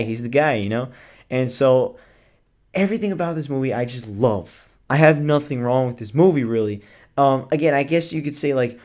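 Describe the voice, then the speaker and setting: Male vlogger, mid-pitched, excitable, casual chatter full of fillers, drops the occasional swear. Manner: gushing, enthusiastic, talks fast with filler words. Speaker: movie reviewer. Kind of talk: casual movie review vlog.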